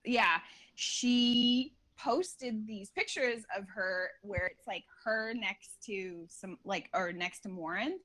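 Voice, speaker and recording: A woman's voice: medium pitch, slow, a bit bright, dry recording, poor audio. A woman chatting as a guest on an interview show, rambling and packing her talk with filler words. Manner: laughs often while talking. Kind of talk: casual chat.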